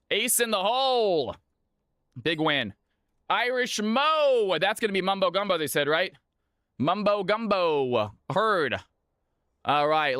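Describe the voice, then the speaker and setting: A man hosting viewer games on a live stream, talking excitedly and chatting with his audience. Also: sits high, clear, resonant tone, dry recording, clean studio sound.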